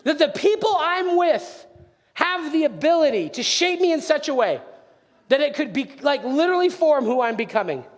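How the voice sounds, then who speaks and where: Animated high-voiced man preaching in a hall. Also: moderate pace. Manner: animated, playful storytelling to a crowd. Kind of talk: storytelling sermon. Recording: long hall reverb.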